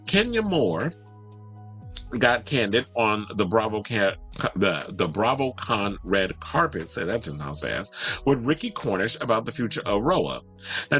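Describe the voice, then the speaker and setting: A man's voice: lowish voice, sharp tone, slightly rough. A man hosting a celebrity gossip show, chatting casually with strong opinions and talking straight to his viewers. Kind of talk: casual pop-culture commentary.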